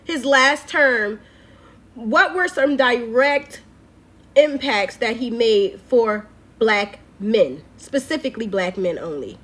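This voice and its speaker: A woman's voice: on the high side, animated, slow pace, fairly bright tone. A woman hosting a casual chat, questioning an AI assistant in a playful, teasing manner. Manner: playful, teasing, laughs easily.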